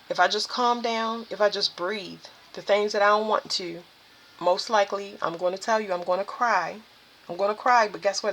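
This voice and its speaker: A woman delivers a spiritual tarot reading straight to her viewers. She talks in an emphatic, preaching way, with a bright, ringing tone over a faint hiss. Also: mid-range voice, fairly even intonation, moderate pace.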